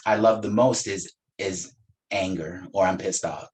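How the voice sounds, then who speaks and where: A man teaching a spiritual practice in a gentle, unhurried way, with playful asides and frequent soft laughs. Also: low voice, rough recording. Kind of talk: reflective spiritual talk.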